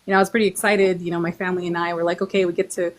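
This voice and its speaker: A forty-year-old woman from the Navajo Nation in Arizona, talking earnestly as a podcast guest, pausing and restarting as she speaks. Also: lowish voice, little pitch movement. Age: 40s. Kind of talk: casual chat.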